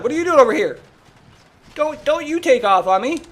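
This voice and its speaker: A man livestreams a game, giving live commentary in a very high-pitched, animated voice that's fairly quick with frequent pauses. He talks casually, tossing out "dude" and "bro" while frantically urging and exclaiming as he plays.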